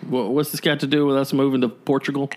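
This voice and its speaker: A man's voice: medium pitch, level tone, quick pace. A man from Georgia co-hosting a podcast, laid-back, dry and sarcastic in casual chat. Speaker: podcast co-host.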